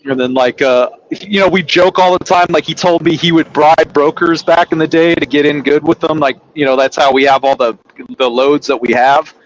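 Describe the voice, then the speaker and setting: A man's voice: fairly high pitch, steady tone, normal speed, a little hiss or hum, poor audio. A young man chatting casually on a podcast, telling rambling, profane stories and laughing as he goes. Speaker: podcast co-host, trucker. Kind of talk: casual chat.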